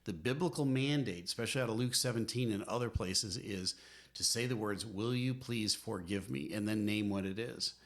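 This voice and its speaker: A man's voice: on the low side, moderate pace, fairly bright tone. A middle-aged man co-hosting a podcast, giving earnest, emphatic, preacherly advice as a marriage counselor. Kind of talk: conversational podcast teaching.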